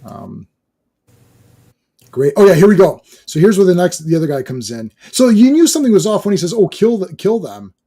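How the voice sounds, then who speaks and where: Excitable high-voiced guy, husky and dark. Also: fairly quick. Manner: excitable, rambling, jumps between topics. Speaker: podcast co-host. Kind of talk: casual chat reviewing a cartoon.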